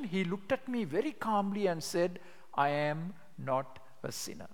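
An older man teaching a class on sharing the gospel, telling stories with animation and reading scripture slowly with emphasis. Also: a little high. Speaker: evangelism trainer. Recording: long hall reverb.

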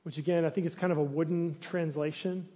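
A man's voice: fairly high pitch, fairly quick. A man preaching a sermon in a conversational way, asking the congregation searching questions and sometimes acting out complaints with animation. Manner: restarts and fillers, animated when acting out complaints. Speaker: pastor.

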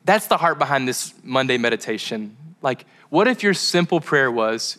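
A young man gives a relaxed sermon to a crowd in a bright, forward voice. He rambles, wanders off on tangents, and keeps dropping in fillers. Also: medium pitch, moderate pace, few pauses. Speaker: preacher. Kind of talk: casual sermon to a live crowd.

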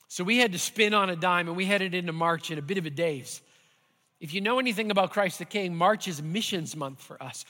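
A man preaching a sermon as pastor, earnest and building at times to animated intensity, in a church sanctuary. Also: high-pitched, fairly quick. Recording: hall reverb.

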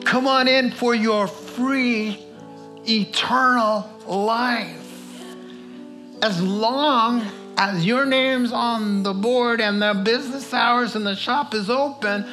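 A man's voice: very high voice, slow, sharp tone, faint music behind. A male pastor giving a sermon in a conversational, folksy way with many asides. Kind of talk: sermon with personal story.

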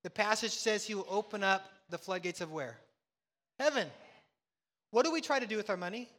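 A man's voice: high voice, lively intonation, fairly quick, a bit bright, long reverb tail. A man preaching a sermon as pastor, emphatic, asking rhetorical questions and answering them.

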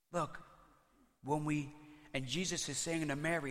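Animated pastor preaching in a reverberant hall. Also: male voice, fairly high pitch, normal speed. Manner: conversational, animated storytelling with playful asides. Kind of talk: sermon.

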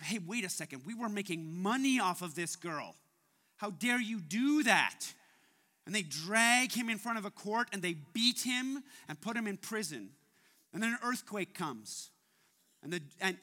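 A man preaching a sermon as pastor, talking in an animated way and often repeating his words as he goes. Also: high voice.

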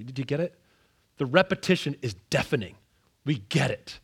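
A man preaching an expository sermon, dramatic and animated, acting out the scripture with sudden raised outbursts. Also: mid-range voice, normal speed, gravelly, pauses often, slightly rough.

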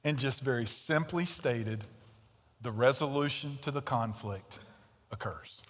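A man's voice: mid-range voice, measured pace, big-room sound. A man in his fifties, a pastor preaching an expository sermon, emphatic and repeating key phrases for stress.

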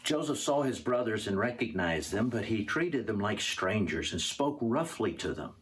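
A man's voice: fairly low pitch, big pitch swings, moderate pace, a bit bright, slight background noise. A male pastor preaching a sermon and reading scripture, earnest and repeating words for emphasis.

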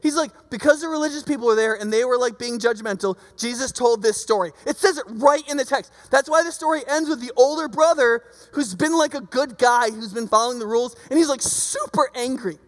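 Animated preacher in a reverberant hall. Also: mid-range voice, brisk, hardly any pauses. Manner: animated, acts out quoted voices. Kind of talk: conversational sermon. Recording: long reverb of a large hall.

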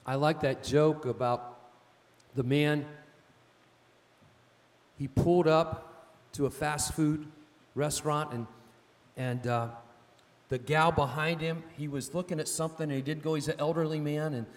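A man with a fairly high voice preaches with emphatic storytelling, often asking "amen?". His voice trails off into a long reverb, as in a church sanctuary. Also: fairly even intonation, unhurried, pauses often. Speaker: pastor. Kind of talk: sermon.

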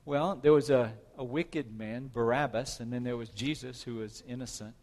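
A man delivers a sermon in a dramatic storytelling manner, his voice swelling on key moments. His voice is of middling pitch and carries the long reverb of a hall. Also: normal speed, darkish tone. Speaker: preacher.

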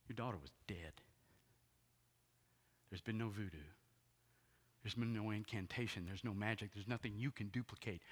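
A male pastor preaching a sermon dramatically, swinging between hushed whispers and loud exclamations. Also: lowish voice, expressive, moderate pace, long pauses, slightly rough.

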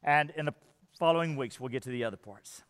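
A man's voice: medium pitch, quick pace, fairly bright tone, clean tone, big-room sound. A man preaching a sermon, earnest and emphatic, often repeating words as he builds his point.

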